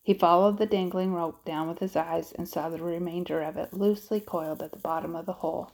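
Low, gravelly woman narrating. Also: steady tone, brisk, a little mellow, rough recording. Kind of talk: audiobook narration.

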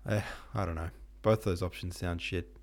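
A man's voice: deep voice, fairly even intonation, normal speed, vocal fry. A man voicing an earnest, awkward young man. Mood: dismissive.

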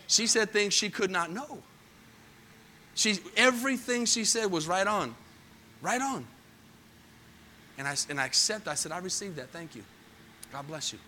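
A male pastor preaching with a high, bright, cutting voice. He drops to a hushed storytelling tone, then surges into loud, emphatic preaching, turning often to the congregation with questions. A faint hum of room noise sits behind him. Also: lively intonation, moderate pace, long pauses. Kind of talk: sermon.

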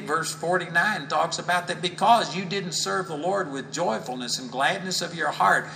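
A man teaching a sermon, reading scripture slowly and solemnly between plain explanations. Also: on the high side, sharp tone, recorded from a distance, slight background noise, poor audio. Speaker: Bible teacher.

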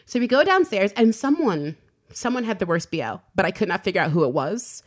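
A woman's voice: medium pitch, very animated, brisk. A woman co-hosting a podcast, telling a story in casual chat, full of "like" fillers and casual swearing. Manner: chatty, filler-heavy "like", swears freely. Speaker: podcast co-host.

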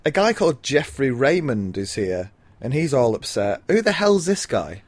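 A man's voice: medium pitch, big pitch swings, normal speed, no room sound. A man co-hosting a casual book podcast, summarizing the plot with dry understatement. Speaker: podcast co-host.

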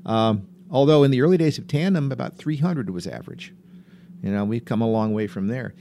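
An older man with a gravelly, rough-edged voice spins long, rambling stories from decades of skydiving. He talks like a seasoned raconteur, easy and chuckling. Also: mid-range voice, brisk, warm tone, a little hiss or hum. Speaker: veteran skydiver and guest. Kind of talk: casual anecdotal storytelling.

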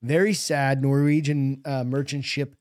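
A man's voice: mid-range voice, flat delivery, a little slow, darkish tone, no echo. Male podcast co-host, casual profane banter, middle-aged, dry close mic. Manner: loose, profane banter, reads news items aloud. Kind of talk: casual chat.

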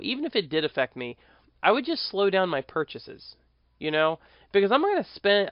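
A chatty American man hosts a casual monologue podcast, rambling conversationally and correcting himself as he goes. His voice is fairly high, and the dry recording has its highs cut off.

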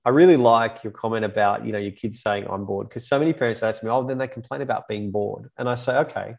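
A man with a gravelly voice, explaining points at length in a casual podcast talk and often checking in with "right?". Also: medium pitch, fast, darkish tone. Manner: explains in long runs, often tagging "right?".

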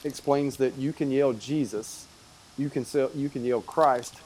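A man hosting a casual chat, telling an amused story in a relaxed way. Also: medium pitch, measured pace, slight background noise, low-quality recording.

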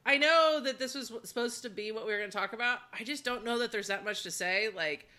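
Woman, podcast host, bright tone, blunt wry manner. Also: a little high, fast. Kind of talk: casual chat.

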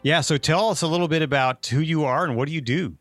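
A man's voice: on the high side, fast, fairly bright tone, dry recording, faint music behind. A man from Ohio hosting a podcast, introducing a guest and interviewing her in a friendly, conversational way. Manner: friendly, conversational, laughs often. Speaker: podcast host.

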